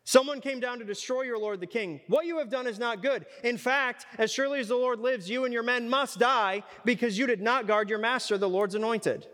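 A man's voice: very high-pitched, brisk, hardly any pauses, a bit bright, clear, resonant tone, big-room sound, pitched above the performer's own voice. A man voicing a young warrior who mocks and challenges a commander while reading scripture aloud. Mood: taunting. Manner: mocking, challenging. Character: taunting young warrior calling across a valley.

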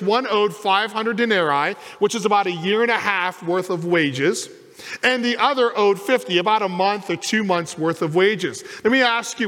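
Lively high-voiced preacher in a reverberant church. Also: male voice. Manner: animated preaching, acts out quoted voices. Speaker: pastor. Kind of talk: sermon. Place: church sanctuary.

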